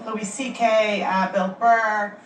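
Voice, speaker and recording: A woman's voice: mid-range voice, little pitch movement, takes it slowly, roomy sound, recorded from a distance, slight background noise. A woman in a casual interview chat, speaking hesitantly as she thinks aloud.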